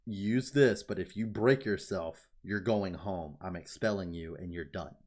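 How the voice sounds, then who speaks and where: A man quoting a stern, weary male teacher in his own low voice. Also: measured pace, darkish tone.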